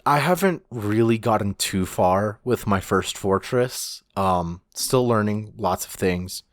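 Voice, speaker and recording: A man's voice: lowish voice, expressive, takes it slowly, dry recording, studio quality. A man co-hosting a podcast in casual chat, rambling with many restarts and the odd swear. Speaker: podcast co-host.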